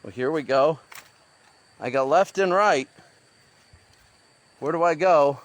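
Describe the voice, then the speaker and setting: A man's voice: on the high side, slow pace. Man rambling on a jungle hike. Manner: rambling, thinking aloud. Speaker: vlogger. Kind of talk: talking to camera while hiking. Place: outdoors in the jungle. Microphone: handheld phone.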